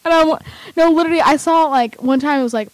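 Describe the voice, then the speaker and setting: A young woman chatting casually as a vlogger, excitable and rambling with lots of fillers. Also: high voice, fast, no echo, low-quality recording. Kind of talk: casual chat.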